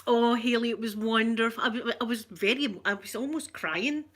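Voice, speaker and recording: An older Scottish woman chatting softly and affectionately in an ASMR vlog, rambling along and greeting viewers by name. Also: on the high side, moderate pace. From Scotland. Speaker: ASMR vlogger.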